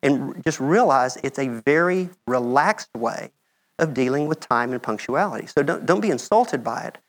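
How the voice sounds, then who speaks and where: Middle-aged American man presenting slides; easygoing, chatty lecturer, mid-range pitch. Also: lively intonation, normal speed. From United States. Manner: conversational, checks in with "okay?". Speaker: medical mission speaker. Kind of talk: conference talk with slides.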